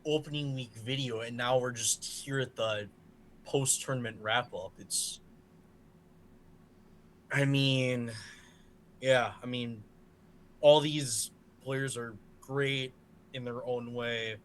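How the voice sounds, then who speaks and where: Man co-host, mid-pitched voice, hesitant, lots of fillers, faint hiss. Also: fairly even intonation, slow, pauses often, low-quality recording. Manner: hesitant, filler-heavy reflection. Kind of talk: casual sports review chat.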